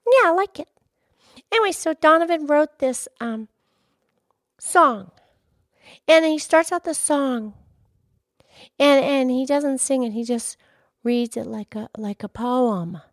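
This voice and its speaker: A woman voicing an excitable, chatty young female character named Pinky, in a two-voice character chat. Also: slow, long pauses, no room sound, clean studio sound. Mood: eager. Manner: eager, gushing, much higher than her own voice.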